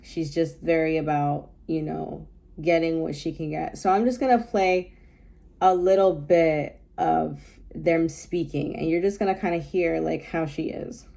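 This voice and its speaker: A woman talking through her reaction to a clip in a relaxed, rambling commentary. Her voice sits low and warm, with a gravelly fry running through it. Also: measured pace. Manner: thoughtful, rambling with many fillers.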